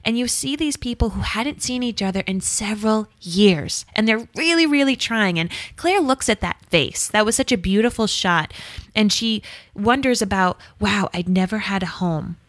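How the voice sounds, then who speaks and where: A woman's voice: mid-range voice, animated, normal speed, dry recording. Young female co-host, enthusiastic casual chat, dry close recording. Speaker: podcast co-host.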